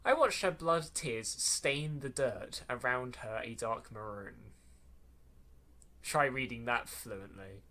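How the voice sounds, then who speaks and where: Reading a horror story on his podcast, a man speaks slowly at medium pitch, his voice pushed and bright, with slight background noise. When he stumbles over awkward lines, he goes back and repeats them with sarcastic commentary.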